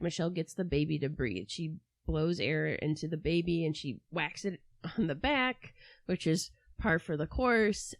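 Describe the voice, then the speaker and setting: A woman co-hosts a casual true-crime podcast, speaking animatedly and tossing in mocking asides about the people in the case. Her voice is low, and there's no room sound.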